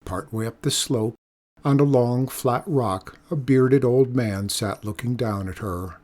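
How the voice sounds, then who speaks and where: A man reading a children's storybook aloud with expressive, emphatic delivery. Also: medium pitch, a little slow.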